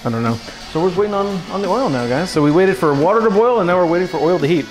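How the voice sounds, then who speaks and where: A man's voice: high voice, expressive, racing, faint music behind. A man streaming a casual cooking lesson from his home kitchen, rambling and joking with his chat. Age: adult. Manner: rambling, jokey, talks to chat.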